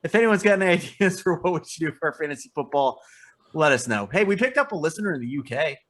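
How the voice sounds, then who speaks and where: Bright, stammering man chatting casually. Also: a little high, expressive, fast. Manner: stammering restarts, laughs easily. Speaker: podcast co-host. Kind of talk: casual chat.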